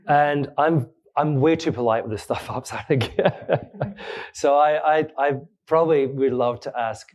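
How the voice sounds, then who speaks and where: A man's voice: on the high side, a little slow, a little mellow. A man, hosting a podcast and answering audience questions at a live event, chatty and self-deprecating, often laughing. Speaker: podcast host being interviewed.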